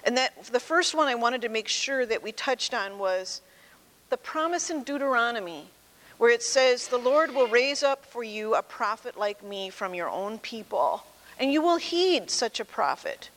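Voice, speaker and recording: A woman's voice: on the high side, lively intonation, normal speed, a bit bright. A woman pastor giving a conversational sermon in a church, acting out quoted voices as she tells the story. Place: church sanctuary. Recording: long reverb with mains hum.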